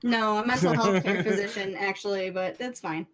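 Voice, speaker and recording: A woman's voice: medium pitch, moderate pace, a crowd in the background. A woman co-hosting a game stream, joking around crudely in casual banter. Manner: goofy, crude jokey banter. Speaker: stream co-host. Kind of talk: casual let's play chat.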